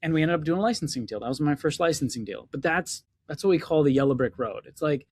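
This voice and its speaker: A man's voice: a little high, fast. A man co-hosting a casual podcast chat as an inventor coach, telling stories animatedly and acting out the lines he quotes. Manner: animated storyteller, acts out quoted dialogue.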